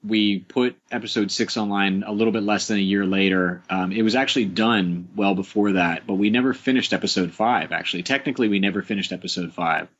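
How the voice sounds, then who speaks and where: In dull, lo-fi podcast audio, a show creator being interviewed rambles casually about his show, scattering fillers, restarts and quiet chuckles. He talks fairly quickly with few pauses in a fairly low, slightly bright voice.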